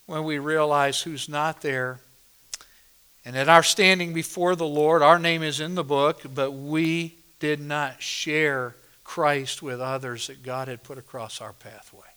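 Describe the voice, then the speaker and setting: A man's voice: on the high side, sharp tone, clean tone. A male pastor preaching a sermon at a church service, emphatic and driving home points by repeating phrases.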